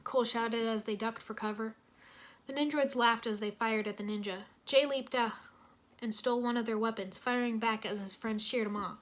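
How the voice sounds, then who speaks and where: A woman reading a story aloud in a lively, expressive way. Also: fairly high pitch, moderate pace.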